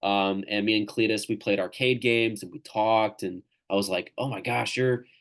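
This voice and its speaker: A man's voice: lowish voice, fairly even intonation, moderate pace, fairly bright tone. Rambling man hosting a reading. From Tennessee. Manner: loose, rambling and enthusiastic, with crude jokes. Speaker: host of a literary reading. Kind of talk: casual hosting over a video call. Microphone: video call microphone.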